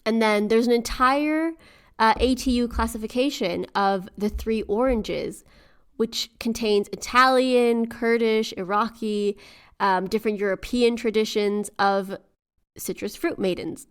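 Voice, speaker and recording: A woman co-hosting a folklore podcast, chatting casually and retelling tales with animated quoted asides. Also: a little high, unhurried, clean tone. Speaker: podcast co-host. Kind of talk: casual storytelling chat.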